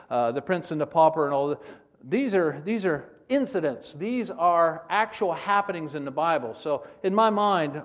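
Brief: high-pitched male preacher, animated, acting out the scenes he teaches. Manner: animated, acts out scenes in character voices. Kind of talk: sermon.

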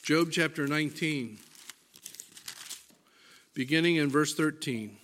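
Male preacher, unhurried, bright and forceful tone, emphatic sermon delivery. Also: fairly high pitch. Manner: deliberate and emphatic, reading scripture aloud.

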